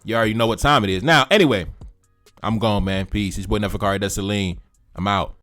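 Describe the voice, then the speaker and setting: A man from Haiti, hosting a music reaction video, talking casually with lots of repeated phrases and shout-outs. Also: lowish voice, fast.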